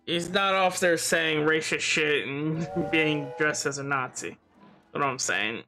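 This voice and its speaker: A man's voice: fairly high pitch, takes it slowly, over music. A man giving casual gameplay commentary, rambling with lots of fillers and laughs. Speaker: gamer.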